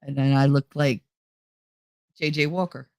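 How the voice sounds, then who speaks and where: A middle-aged woman hosting a livestream, telling family stories in a casual, animated way and acting out her relatives' voices with frequent laughter. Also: very deep voice, a little slow, no room sound. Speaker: livestream host. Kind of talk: casual storytelling chat.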